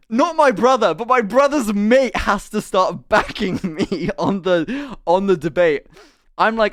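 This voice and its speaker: A young man telling a story casually on a live stream, animated and quick to laugh, swearing freely. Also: sits high.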